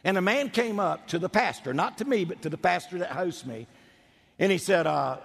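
A man's voice: high-pitched, lively intonation, normal speed, creaky, a bit bright, big-room sound. A male pastor preaching a sermon with emphasis, drawing out key words.

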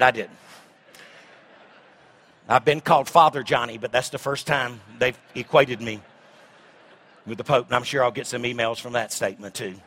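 Middle-aged man, pastor mid-sermon, bright ringing tone, big dynamic swings. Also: mid-range voice. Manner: swings from shouting to hushed asides.

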